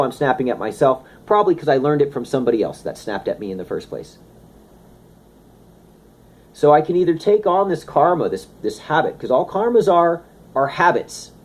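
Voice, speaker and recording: Husky guy chatting about health and habits, loose and lively. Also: mid-range voice. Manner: animated, conversational, slips into playful impressions. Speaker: wellness speaker. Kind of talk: casual talk.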